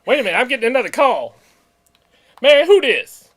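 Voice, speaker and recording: A man voicing a rowdy country guy on the phone, talking rough slang. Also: extremely high pitch, sing-song, a little fast, a bit bright, voice pushed up, heavily acted. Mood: riled up.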